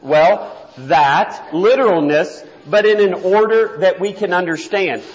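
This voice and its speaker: A man teaching a church Bible class in a conversational way, often repeating words and slowing down to read verses aloud. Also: high-pitched. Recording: dull sound, long reverb in a hall.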